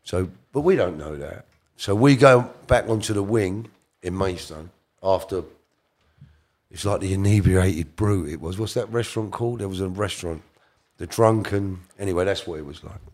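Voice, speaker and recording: A man's voice: deep voice, normal speed, a little mellow. A middle-aged man, rambling through a story as an interview guest and correcting himself as he goes. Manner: rambling, self-correcting, slips into quoted voices. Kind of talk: casual storytelling.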